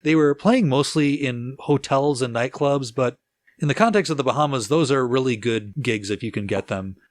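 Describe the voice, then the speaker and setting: A man's voice: mid-range voice, normal speed, dry recording. Chill guy narrating band history on a podcast, talks loose with lots of "like", dry close sound. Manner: relaxed storyteller, laughs easily, lots of filler "like". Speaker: podcast co-host.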